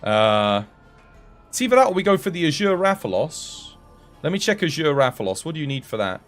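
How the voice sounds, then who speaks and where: A British man streaming a game, chatting in a relaxed way with his viewers while tired and dry in the throat. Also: a little high, fairly quick, soft background music. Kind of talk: live game stream commentary.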